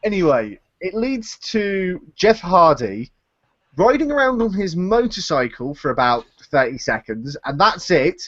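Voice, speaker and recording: A man in casual live chat, his pitch bouncing all over as he rants with sarcastic exasperation. His voice sits a little high for a man. The audio is dry and lo-fi, with a dull top end. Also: a little slow, no echo. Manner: animated, sarcastic ranting. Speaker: podcast co-host.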